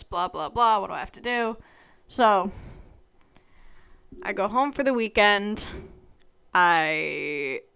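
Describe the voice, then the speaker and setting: A woman's voice: mid-range voice, sharp tone, smooth. A young woman of about twenty telling a personal story to her vlog audience in a chatty, rambling way full of fillers. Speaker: vlogger.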